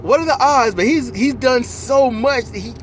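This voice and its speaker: A man in casual, animated conversation about a movie, riffing with profanity and acting out lines while riding in a car. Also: very high voice, normal speed, a little hiss or hum. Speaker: co-host.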